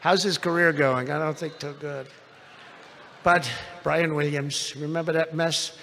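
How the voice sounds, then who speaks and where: An older man speaks from a podium with a bright, gravelly and rather high voice. He rambles through a story, piling up superlatives and going off on asides. His words ring out with the long reverb of a big arena. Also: steady tone, a little slow, slight background noise. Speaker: rally speaker. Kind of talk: rally speech anecdote. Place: large indoor convention venue.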